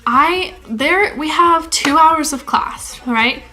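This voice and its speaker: A teenage girl from the United States talks casually to the camera in a vlog, breaking into giggles and correcting herself as she goes. Her voice sits high and sounds bright and clear. Soft music plays faintly behind her. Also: slow pace, rough recording. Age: teens. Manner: chatty and giggly, with frequent laughs and self-corrections. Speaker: exchange student vlogger.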